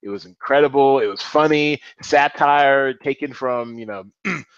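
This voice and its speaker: Rambling, animated man on a dry mic. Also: medium pitch, moderate pace, clear, resonant tone, no echo, muffled recording. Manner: animated, rambling, laughs often. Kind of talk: casual chat.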